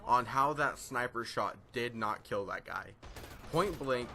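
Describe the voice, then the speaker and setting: Against background noise, a teenage boy with a gravelly, medium-pitched voice tells a meandering story at a measured pace. He's a gaming vlogger talking casually over gameplay, heavy on fillers and self-deprecation.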